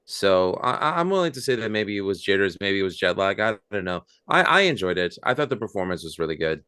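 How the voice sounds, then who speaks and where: A man's voice: low voice, sing-song, quick pace, pushed and bright, clean tone, no room sound, clean studio sound. A man talking casually on a review panel, hesitant and restarting his sentences. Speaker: co-host, guitar player.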